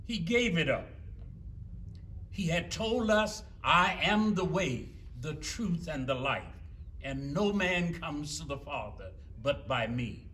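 A man preaching a sermon in a slow, measured, solemn manner. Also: fairly high pitch, expressive, a bit bright. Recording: distant mic with faint room noise.

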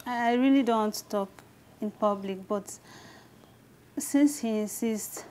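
An actress playing a shy young wife who speaks hesitantly and reluctantly, stammering at times. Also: female voice, fairly high pitch, measured pace, mellow, slight background noise, natural voice. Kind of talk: scripted drama acting.

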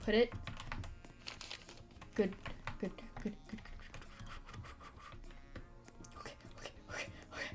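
A woman livestreaming gameplay, reacting excitedly and swinging from low mutters to loud shrieks. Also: unhurried, pauses often, soft background music. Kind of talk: gameplay commentary.

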